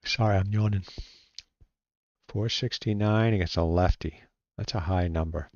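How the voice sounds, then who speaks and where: Low-voiced man calling a dice baseball game. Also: dry recording, dull audio. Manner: relaxed and halting, reading numbers aloud, muttering to himself. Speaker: solo tabletop baseball game player. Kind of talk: casual play-by-play while rolling dice.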